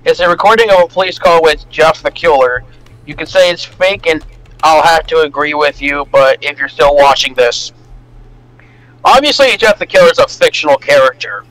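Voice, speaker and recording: Excitable man reacting, frequent swearing, sudden loud outbursts, high voice. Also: normal speed, no room sound, poor audio. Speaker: reaction video host. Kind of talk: casual reaction chat.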